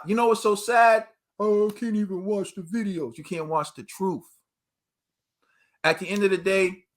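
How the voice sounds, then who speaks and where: A man's voice: fairly high pitch, pushed and bright. An American man hosting a boxing show, ranting to his viewers in an emphatic, slangy way. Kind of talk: animated commentary rant.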